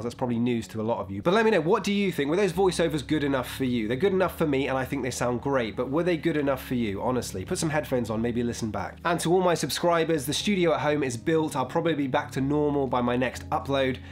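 A man's voice: mid-range voice, fast, hardly any pauses. Chatty man recording on a laptop mic. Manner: chatty, explains step by step, often asks "okay?" and "right?". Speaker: video creator. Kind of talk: casual tutorial chat. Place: houseboat bedroom. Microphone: laptop built-in microphone.

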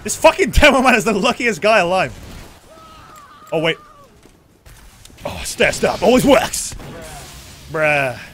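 A young man giving live, excitable commentary on his own gameplay as a streamer, swearing and yelling at the screen. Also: high voice, measured pace, pauses often, a little hiss or hum. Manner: excitable, swears a lot, yells at the game.

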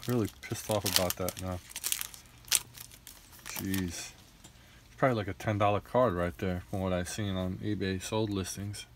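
A young card collector with a fairly low voice opens packs, rattling off names and grumbling in frustration between them. He speaks unhurriedly with fairly even intonation and frequent pauses, a faint hiss of room noise behind his casual, exasperated commentary.

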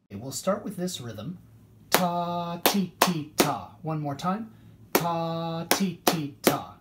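A man teaching music theory in a scripted video lesson, explaining clearly and steadily and chanting rhythm syllables. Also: fairly high pitch, darkish tone. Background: music playing.

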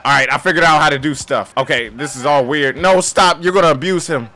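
A young man gaming on camera and commentating his soccer match, joking, trash-talking the players and breaking into sudden yelling outbursts. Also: on the high side, brisk. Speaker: gaming YouTuber. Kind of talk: playing a soccer game and commentating.

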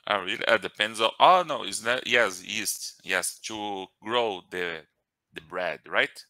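Man, Brazilian Portuguese accent, low voice, very sharp and bright, halting English learner, self-correcting. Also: dry recording. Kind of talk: casual chat in an online lesson. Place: home, video call.

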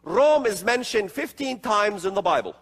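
Guy preaching prophecy stuff, husky voice, swings way up and down, big echoey hall. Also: high voice, animated, normal speed, fairly bright tone. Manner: emphatic, rhetorical questions, sarcastic asides. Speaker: religious speaker. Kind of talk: emphatic prophecy lecture. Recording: long hall reverb.

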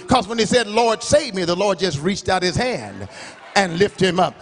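A middle-aged man preaching a revival sermon in a church, rising to shouted, half-sung climaxes. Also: high-pitched, very animated, normal speed, a little hiss or hum. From United States. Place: large church sanctuary. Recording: church hall reverb.

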